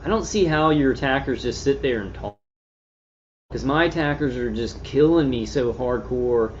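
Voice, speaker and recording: A man hosting his own channel, talking in a meandering, halting way with many fillers and restarts while answering live chat. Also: mid-range voice, muffled recording, slight background noise. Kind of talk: rambling casual livestream talk.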